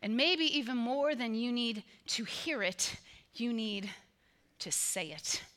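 Woman, pastor, sermon, emphatic repetition, high-pitched. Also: expressive, takes it slowly, a bit bright. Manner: emphatic, repetitive preaching cadence.

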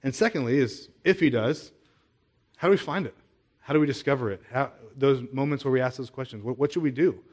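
A man with a medium-pitched, somewhat dark voice preaches a sermon a little fast. Speaking as a pastor in a conversational style, he asks many rhetorical questions and frequently repeats words while restarting.

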